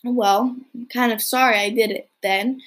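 Woman reading an unrepentant little boy in a storybook, reflective and cheeky, breathy and fairly high. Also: steady tone, normal speed, natural voice.

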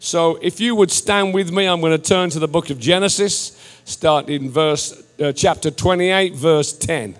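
A man from England, a visiting missionary preaching a jovial sermon that turns to loud exhortation. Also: on the high side, unhurried, big-room sound, soft background music. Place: church sanctuary.

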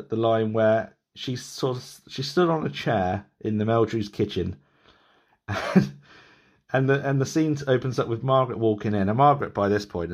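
A man in his thirties hosting a podcast, chatting loosely with many restarts and laughs. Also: lowish voice. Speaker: podcast host. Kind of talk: casual interview chat.

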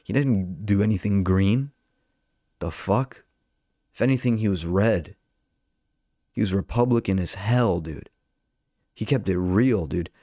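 A man's voice: lowish voice, measured pace, mellow, no room sound, clean studio sound. A young man ranting casually to his viewers, fired up and profane, rambling with lots of filler words. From Albanian heritage. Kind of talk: casual rant to camera.

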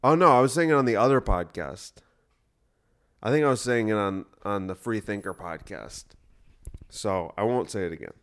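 A man's voice: lowish voice, animated, normal speed, a bit bright. A man hosting a podcast, talking on his own in a rambling, profane and sarcastic way. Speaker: podcast host. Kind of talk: casual solo podcast monologue.

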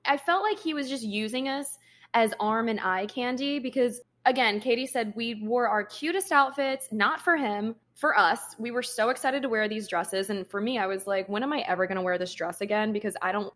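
Young female podcast co-host. Blunt, emphatic, swears, slightly high voice. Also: a bit bright. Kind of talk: casual storytelling chat.

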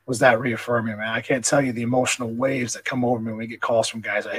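A man's voice: mid-range voice, little pitch movement, quick pace, few pauses, a bit bright, breathy edge, low-quality recording. A man, a police officer and nonprofit founder, telling his story earnestly and with emotion in a conversational interview.

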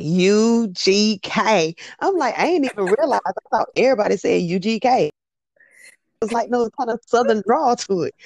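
A woman co-hosting a podcast in casual chat, affirming her partner in quick back-and-forth. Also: on the high side, gravelly, darkish tone, dry recording. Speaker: podcast co-host. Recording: dull dry lo-fi sound.

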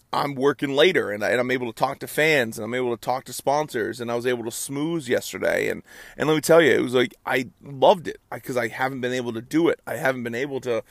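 A man's voice: mid-range voice, no room sound, clean studio sound. A young man hosting a casual solo podcast, chatty and upbeat, rambling with restarts and self-deprecating asides. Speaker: podcast host. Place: outside a ballpark in the morning.

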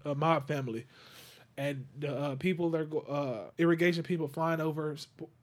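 A man's voice: a little high, steady tone, normal speed. A man hosting a casual podcast, chatting loosely and telling stories with acted-out quotes. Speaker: podcast host. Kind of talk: casual chat.

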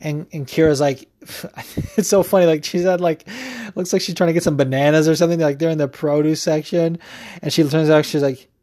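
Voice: medium pitch, fairly even intonation, fairly quick, warm tone, no echo, clean studio sound. A podcast host in a casual, profane opinion rant, rambling with lots of fillers. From United States.

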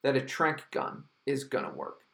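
Gravelly, profane man ranting about movies. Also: medium pitch, lively intonation, moderate pace, fairly bright tone. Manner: profane, exasperated, emphatic. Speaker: film reviewer. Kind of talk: ranting film review monologue.

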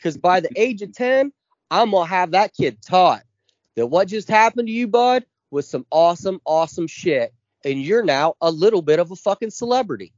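A man's voice: high voice, animated, moderate pace, no echo, lo-fi sound. A man in his forties co-hosting a podcast, ranting with constant swearing and heavy emphasis. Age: 40s. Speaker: podcast co-host. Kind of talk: casual chat.

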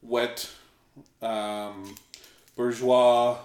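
A podcast co-host reading out keyword lists in a casual game, pausing often with ums. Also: medium pitch, level tone, darkish tone, echoey room.

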